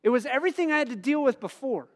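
A middle-aged man preaching a conversational sermon, asking the congregation questions and telling personal stories with bursts of loud emphasis. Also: very high voice, expressive, racing. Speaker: pastor.

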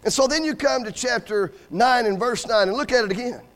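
A man's voice: extremely high pitch, brisk, fairly bright tone, in a large hall. A man preaching a sermon as a guest speaker, telling joking stories and calling for amens. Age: adult with school-age kids. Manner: folksy, joking storyteller with call-and-response amens. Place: church sanctuary.

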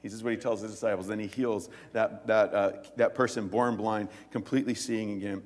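A male pastor preaching a sermon, retelling stories in a lively, animated way and acting out the voices. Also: on the low side, brisk, big-room sound. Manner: animated storytelling, acts out voices, laughs.

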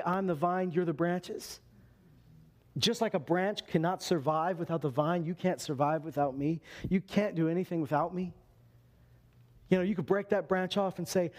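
Male pastor, high voice, animated sermon delivery. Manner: animated preaching, acts out quotes.

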